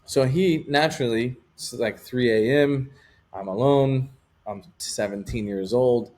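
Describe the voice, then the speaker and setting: A man's voice: medium pitch, a little slow, darkish tone. A man talking as an interview guest, telling a personal story in a candid, rambling way with lots of casual fillers.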